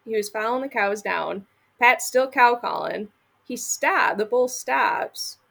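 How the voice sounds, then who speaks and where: Gravelly-voiced woman telling a blunt story. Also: a little high, lively intonation, unhurried, fairly bright tone. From Michigan. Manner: blunt and profane, acts out quoted lines. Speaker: podcast guest. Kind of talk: casual storytelling.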